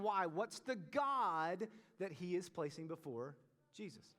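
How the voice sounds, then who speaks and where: A young man preaching with a high, lively voice that rings through a big hall. He keeps throwing questions at his audience and pushes his points home. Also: measured pace. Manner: animated, asks the audience questions. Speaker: youth pastor. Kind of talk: sermon. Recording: long reverb of a large hall.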